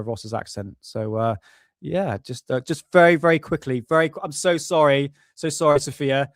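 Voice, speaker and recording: A man chats loosely on his live stream, rambling, apologizing often and dropping casual swears. His voice sits at a middling pitch, and the sound is dry and close with no room echo. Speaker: livestream host.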